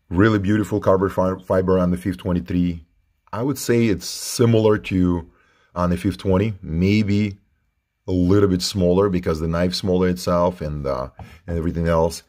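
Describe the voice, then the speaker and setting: Low-voiced man reviewing knives. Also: darkish tone. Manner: informal, repeats himself while handling the knife. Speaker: knife reviewer. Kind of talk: casual product review.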